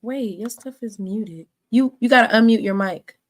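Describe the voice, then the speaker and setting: A woman's voice: fairly high pitch, moderate pace. A woman hosting a casual sports livestream, reading off player stats with plenty of fillers and a rambling, friendly manner. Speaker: podcast host.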